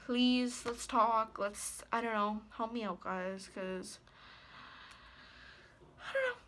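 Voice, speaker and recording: A woman in her twenties, an ASMR creator, talks slowly in a slightly high voice with a steady, fairly bright tone, over slight background noise. Her personal vlog is hesitant and rambling, full of fillers and trailing off, and she sounds anxious, worried and upset.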